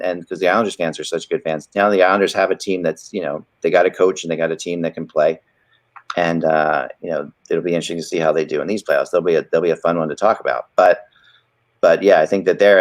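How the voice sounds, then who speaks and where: Deep-voiced man rambling about hockey. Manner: rambling, many restarts. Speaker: podcast host. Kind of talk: casual hockey chat.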